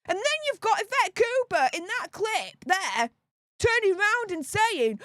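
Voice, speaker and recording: A woman with a Northern English accent delivers heated political commentary in a high voice. She rants with indignation and hammers home each point by repeating it. Her voice sounds close and dry, with no room echo. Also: sing-song, a little slow, fairly bright tone. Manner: indignant, ranting, repeats herself for emphasis.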